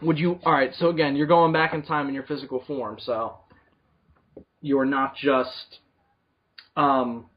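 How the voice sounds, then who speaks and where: A man's voice: mid-range voice, steady tone, a little slow, long pauses, dull audio. A man co-hosting a casual comedy podcast, swearing freely and tripping over his words. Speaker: podcast co-host.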